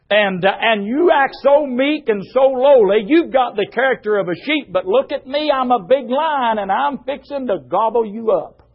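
A preacher mimicking a boastful bully. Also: male voice, sits high, husky, narrow, tinny audio, voice pushed up, full character voice. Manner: boastful, mocking. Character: arrogant boastful man bullying the meek.

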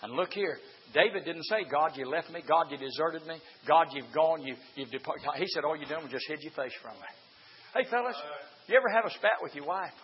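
A man with a scratchy voice preaching a sermon to a room of men, swinging from shouted passages to hushed storytelling. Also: a little high, lively intonation, fairly quick, muffled recording. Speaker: preacher to a men's gathering.

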